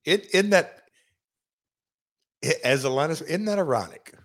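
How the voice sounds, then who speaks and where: A middle-aged man, chatting casually as a podcast host, halting with many restarts and fillers. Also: fairly high pitch, lively intonation. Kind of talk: casual chat.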